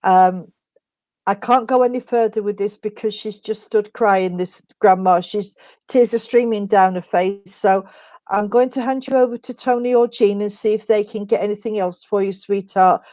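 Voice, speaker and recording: A middle-aged woman gives a spiritualist reading, her voice mellow and dark. She speaks gently and haltingly, restarting phrases and calling the listener sweetheart. The sound is dry and close. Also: mid-range voice, no echo. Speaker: spiritualist medium. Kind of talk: mediumship reading in an online service.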